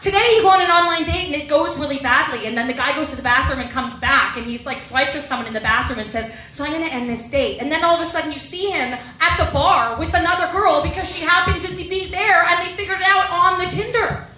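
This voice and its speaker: A woman's voice: sits high, quick pace, few pauses, sharp tone, echoey room, far from the mic, poor audio. A young woman performing a chatty, self-deprecating stand-up comedy set and acting out the voices she quotes.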